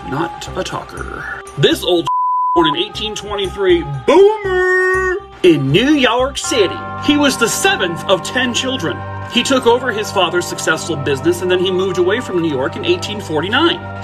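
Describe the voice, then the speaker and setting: A man telling haunted house stories in a casual way, cracking irreverent, swearing jokes and asking the audience questions. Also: high-pitched. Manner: jokey, irreverent asides with swearing. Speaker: haunted-place storyteller. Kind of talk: casual storytelling to viewers.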